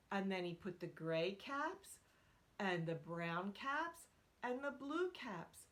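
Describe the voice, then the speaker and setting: A woman's voice: medium pitch, fairly bright tone. A woman reading a picture book aloud to children. She asks her listeners questions and drops into whispered asides.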